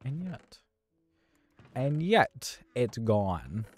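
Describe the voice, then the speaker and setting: A man's voice: mid-range voice, big pitch swings, drawn-out words, husky, faint music behind. A man hosting his gaming channel, giving live gameplay commentary in an exasperated, self-talking way with mild cursing.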